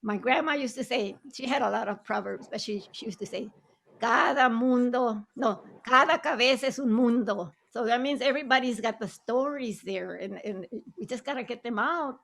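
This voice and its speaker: This older Southern Arizona woman, who writes plays and acts, chats away about the past over video, laughing easily and mixing Spanish into her English. She speaks on the higher side, with vocal fry.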